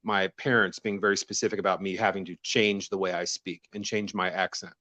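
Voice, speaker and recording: A man's voice: sits low, a little fast, dry recording. A man from the American South, a guest telling stories in casual conversation, laughing often. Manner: laughs often, relaxed storytelling.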